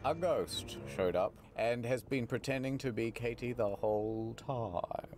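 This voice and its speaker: A comedy co-host who makes pompous, mock-detective deductions while commenting on a game. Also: male voice, medium pitch, measured pace, music in the background.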